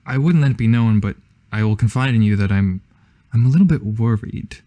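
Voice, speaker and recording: A man's voice: lowish voice, animated, fairly quick, mellow, lightly acted. A man playing a formal, scheming schoolgirl campaign manager who speaks in a stilted, fretful way.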